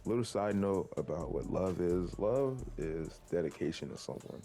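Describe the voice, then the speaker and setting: A man's voice: deep voice, expressive, moderate pace, dark tone, soft background music. A young man in his teens telling a rambling personal story to his viewers, full of likes and restarts. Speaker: vlogger. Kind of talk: casual storytelling to camera.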